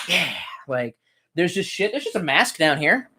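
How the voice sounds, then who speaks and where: A young man hosting a casual livestream, his pitch swinging up and down in an animated way as he rambles. He swears freely and jumps from one story to the next. He sounds a bit tipsy. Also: normal speed, background noise. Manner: profane, rambling, drunk banter. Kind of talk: casual livestream chat reading comments.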